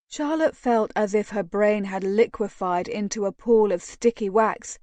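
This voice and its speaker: Woman audiobook narrator, measured and slow, dry sound. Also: medium pitch, a little mellow, no room sound. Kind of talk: scripted narration.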